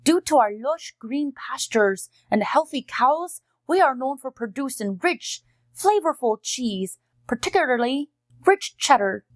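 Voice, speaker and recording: A woman's voice: sits high, expressive, measured pace, no echo. A woman voicing a cheerful friendly female dog who hosts a kids' educational unboxing video, chatty, sweet and teacherly.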